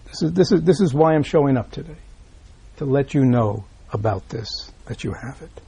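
A man giving a Buddhist dharma talk, reading out a teaching and explaining it. He often checks in with listeners by asking "right?", repeats himself, and drops into soft asides. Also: medium pitch, expressive, normal speed, gravelly, breathy edge. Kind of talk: dharma talk explaining a read-aloud text.

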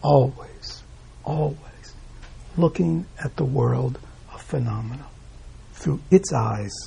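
Male dharma teacher, super gravelly voice, talks real slow, keeps asking "right?". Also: medium pitch, mellow. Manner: rhetorical questions, frequent "right?", chuckles. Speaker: Buddhist teacher. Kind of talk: dharma talk.

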